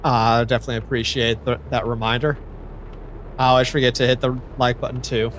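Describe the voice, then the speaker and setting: A man's voice: medium pitch, flat delivery, a little fast, a bit bright, slight background noise. A man from Northern Virginia hosting a casual gaming stream, chatty and self-deprecating. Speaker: streamer host. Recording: faint background music.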